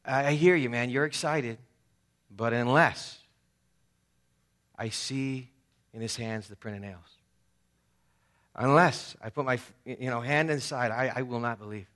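A man's voice: mid-range voice, measured pace, pauses often, a bit bright, lightly acted. A man voicing a skeptical male disciple in a sermon retelling, insistent and slangy in his own everyday voice. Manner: casual slangy paraphrase, insistent.

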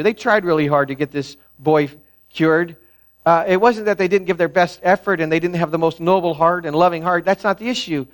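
A man preaches a sermon from the pulpit, his voice sitting a little high. He talks to the congregation casually, then builds to emphatic stretches. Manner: conversational preaching, rising to emphatic peaks. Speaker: pastor.

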